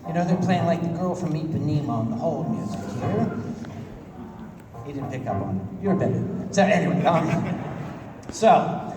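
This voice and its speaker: A man telling a comic story to a convention audience, wry and conversational with deadpan asides. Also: a little high, normal speed, long pauses, very noisy. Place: large convention hall. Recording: echoey hall from far off.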